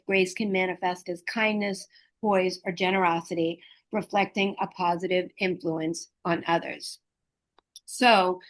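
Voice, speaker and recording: A middle-aged woman, a hospice liaison and educator, speaking gently and earnestly about caregiving, with pauses and fillers. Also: on the low side. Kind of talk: reflective talk on caregiving.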